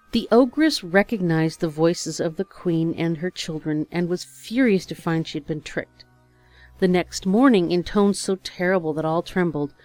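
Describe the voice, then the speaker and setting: A woman narrating a fairy tale as a storybook reading, in a measured, expressive way. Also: fairly low pitch, no room sound.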